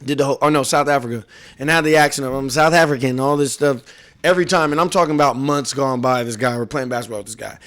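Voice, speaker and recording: A man's voice: medium pitch, fast. A young man co-hosting a casual podcast, rambling through stories and acting out quoted voices. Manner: rambling, animated storyteller with laughs and acted quotes. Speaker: podcast co-host. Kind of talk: casual chat, storytelling.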